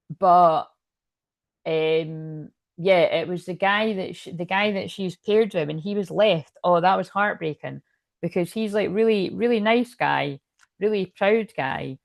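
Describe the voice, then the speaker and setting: A woman's voice: on the low side, a little slow, vocal fry, pauses often, no echo, studio quality. A middle-aged woman giving a casual, meandering tarot reading, chatty and full of asides. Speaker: tarot reader.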